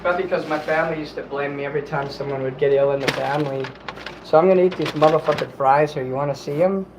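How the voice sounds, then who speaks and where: A man's voice: fairly high pitch, fairly even intonation, fast talker, noisy background. A man hosting a casual livestream from home, reading chat while he eats and rambles in an apologetic way, swearing here and there.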